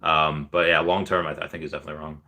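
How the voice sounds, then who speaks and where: A man's voice: rumbling low, flat delivery, racing, pushed and bright. A man hosting a casual livestream, reading viewer comments aloud with lots of ums and cheering on the winners. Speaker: livestream host reading chat.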